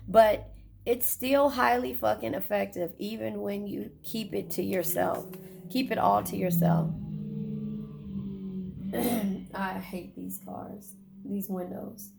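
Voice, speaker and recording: A woman's voice: mid-range voice, fairly even intonation, slow, gravelly, pauses often, a little mellow, faint music behind. A woman giving a casual tarot reading in a car, blunt, profane and chatty as she talks straight to her viewers. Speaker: tarot reader.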